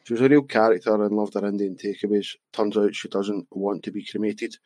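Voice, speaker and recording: A man's voice: on the low side, little pitch movement, a little fast, mellow, no echo. A Scottish man co-hosting a podcast, casually reading out jokes and chuckling often. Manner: jokey, reads listener jokes, chuckles often. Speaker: podcast co-host. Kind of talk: casual chat.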